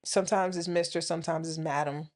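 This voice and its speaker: A woman's voice: low voice, steady tone, quick pace. A woman in her thirties or forties co-hosting a podcast, talking frankly and opinionated in casual chat, swearing freely. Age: 30s to 40s. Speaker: podcast co-host.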